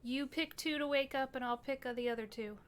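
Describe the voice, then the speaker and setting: Woman player, slightly high voice, jokey and quick. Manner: playful, jokey, quick asides. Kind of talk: tabletop role-play chat.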